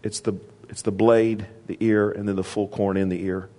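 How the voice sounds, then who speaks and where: A man with a mellow voice and little pitch movement preaches at normal speed. His sermon relies on call-and-response with the congregation, pitch rising for emphasis, plus casual asides and restarts.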